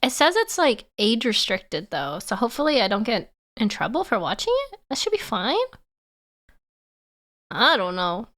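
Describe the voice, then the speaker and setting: A woman's voice: a little high, sing-song, moderate pace, fairly bright tone. A woman streamer chatting casually and giggling as she sets up a reaction video. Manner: giggly, self-teasing, chatty.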